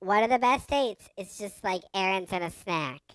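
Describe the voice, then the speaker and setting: A young woman telling a story on a comedy podcast, laughing a lot and exasperated when cut off. Her voice is bright and lively. It sounds dry and close to the mic. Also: mid-range voice, moderate pace, clear, resonant tone, no echo, rough recording. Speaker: podcast co-host. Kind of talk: casual comedic chat.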